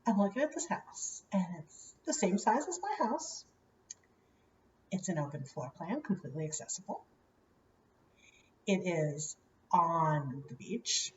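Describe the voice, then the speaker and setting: A woman's voice: lowish voice, reverberant, recorded from a distance, highs cut off, a little hiss or hum. Chatty woman telling a story off-mic. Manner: chatty, many "you know" fillers, animated quoting. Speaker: vlogger. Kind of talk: casual storytelling to camera.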